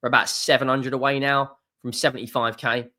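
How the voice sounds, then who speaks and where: A young man ranting in a fan video, swearing often and swinging from low muttering to loud exasperated outbursts. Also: flat delivery, a little fast. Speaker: football fan vlogger.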